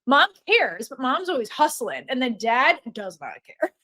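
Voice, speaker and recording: Her voice sits high and her pace is unhurried as this woman co-hosts a laid-back podcast chat. She recounts scenes with lively energy, performing characters' lines and cursing without restraint.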